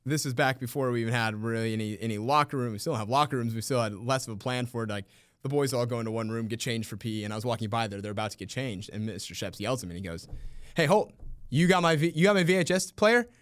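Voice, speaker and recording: Animated storytelling man. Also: on the low side, very fast, no room sound, clean studio sound. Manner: animated, laughs often, acts out quoted voices. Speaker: teacher. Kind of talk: interview storytelling.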